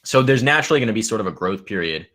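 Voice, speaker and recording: A deep-voiced man co-hosting a gaming podcast from home over a desk mic. He talks in a loose, rambling way, trailing off and circling back to his point. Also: lively intonation, racing, a bit bright. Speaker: podcast co-host. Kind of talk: casual podcast chat.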